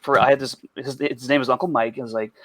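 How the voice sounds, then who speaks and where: A man's voice: medium pitch, steady tone, fast, fairly bright tone, no echo. A man from Chicago with a mild Chicago accent, chatting as a podcast guest and telling rambling stories full of restarts. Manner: rambling storyteller with many restarts. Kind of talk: casual chat.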